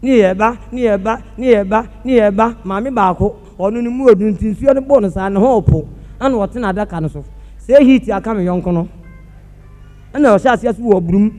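High-voiced Ghanaian man doing stage comedy. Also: fairly quick. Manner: animated, acts out sounds with his voice. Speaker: comic storyteller. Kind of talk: live stage comedy monologue. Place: large theatre stage. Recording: hall reverb with faint music.

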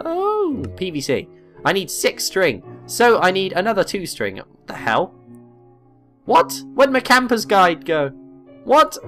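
A man giving gameplay commentary, excitable, swearing and exclaiming often. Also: a little high. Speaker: let's play gamer.

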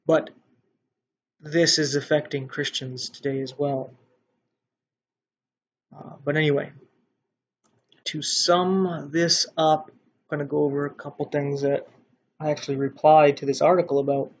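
A man preaching casually and bluntly, with mild swearing, and growing louder and more animated when he makes a point. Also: a little high, a little hiss or hum. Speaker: online Christian commentator. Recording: dull lo-fi sound.

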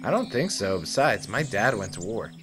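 A man voicing a ten-year-old boy in a game, reading his lines flatly in close to his own voice. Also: lowish voice, moderate pace, music in the background. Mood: sulky.

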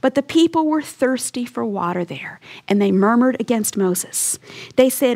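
Woman Bible teacher, slightly high voice, earnest and emphatic delivery. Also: lively intonation, normal speed, a little mellow. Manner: earnest and emphatic, leaning into key words.

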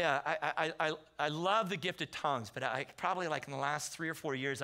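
Socal pastor guy preaching, chatty story sermon, high bright voice. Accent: Southern Californian. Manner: energetic, conversational, acts out quotes in loud bursts. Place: church sanctuary.

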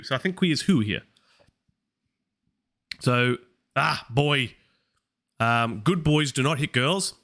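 A man with a slightly bright, mid-range voice works through Latin translations on a live study stream, puzzling over them aloud and questioning himself as he goes.

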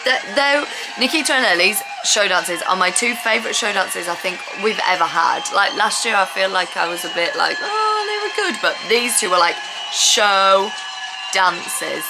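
Excitable gushing woman with a gravelly edge. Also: medium pitch, normal speed, poor audio. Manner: excitable, gushing, squeals and laughs. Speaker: dance vlogger reacting to a TV show. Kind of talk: casual reaction commentary. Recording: loud TV music behind the voice. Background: TV show music playing.

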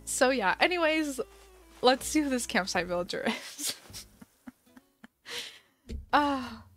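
A young woman casually telling a story while streaming a game, chatty and animated with many fillers and laughs. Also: sits high, slow pace, faint music behind. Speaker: gaming livestream host.

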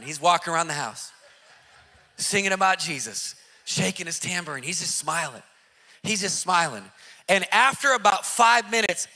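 A man preaching through a personal story in casual slang, acting out the voices of the people in it and repeating lines for emphasis. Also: high-pitched. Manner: excited, acts out quoted voices, repeats phrases for emphasis; casual slang, addresses listeners directly. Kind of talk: animated testimony storytelling.

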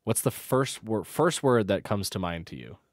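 A man's voice: on the low side, big pitch swings, moderate pace, no echo, studio quality. A man co-hosting a casual chat podcast, amused and laughing often as he reads titles aloud. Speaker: podcast co-host.

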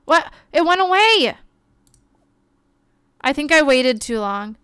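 A young woman streaming a game, chatting excitably and gasping as she plays. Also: high-pitched, slow, no room sound. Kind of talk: casual gameplay commentary.

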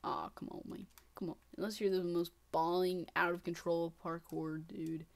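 A woman giving casual, excitable gameplay commentary, talking to herself and running herself down, swinging from muttering to shrieking. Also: lowish voice, normal speed. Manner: self-deprecating, talks to herself. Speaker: gaming channel host.

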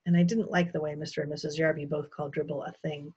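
Husky teacher reading a children's book aloud. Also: female voice, deep voice, quick pace, muffled recording. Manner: expressive storytelling.

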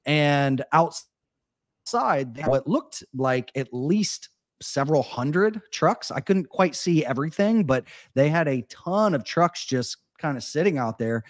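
A man's voice: on the high side, animated, a little slow, no room sound. Laid-back guy, dry close sound. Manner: laid-back, storytelling with lots of "like" and "man". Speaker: co-host. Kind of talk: casual chat. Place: Austin.

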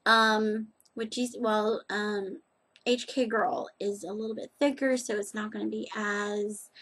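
A woman's voice: a little high, husky. A woman chatting casually in a rambling, self-deprecating way as she reviews nail polish on her vlog.

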